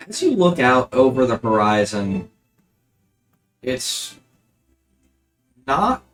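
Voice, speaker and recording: A man running a tabletop game as game master, narrating in a relaxed, rambling way with many fillers. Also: medium pitch.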